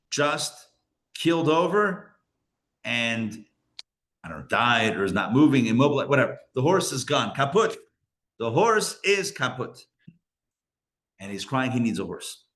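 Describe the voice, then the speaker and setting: A man, a rabbi, telling a story in a casual live class, chatty and acting out the characters' lines with lively jumps in his voice. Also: mid-range voice. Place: live class in a community center.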